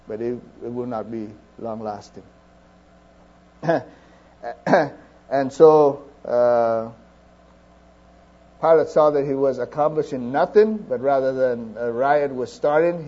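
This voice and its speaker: A man preaching a sermon in an earnest, halting way, with frequent restarts and fillers. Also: mid-range voice, dark tone, slightly rough, muffled recording.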